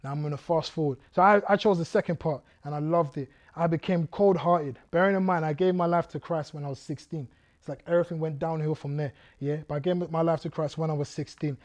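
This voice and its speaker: A man's voice: a little high, steady tone, fast, darkish tone. A man, a guest speaker vividly telling his life story to an audience, acting out scenes and drawing the listeners in. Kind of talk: testimony storytelling to a youth audience.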